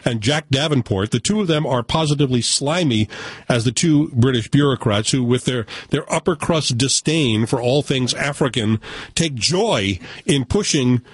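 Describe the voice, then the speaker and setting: A man's voice: mid-range voice, expressive, normal speed, husky, dry recording. A man from the United States giving a casual, opinionated film review with joking asides. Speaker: film critic.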